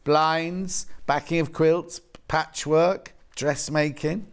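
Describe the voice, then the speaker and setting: A man from the West Midlands, England, presents on a TV shopping channel live in the studio, taking it slowly in a fairly high, clean-toned voice with fairly even intonation. He keeps the patter chatty and jokey, bantering and repeating the prices.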